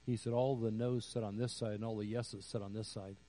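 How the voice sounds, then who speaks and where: A pastor preaching a sermon slowly and deliberately, building to emphatic raised phrases. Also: male voice, on the low side, little pitch movement, warm tone, poor audio. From United States. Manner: slow, deliberate preaching with rising emphatic peaks.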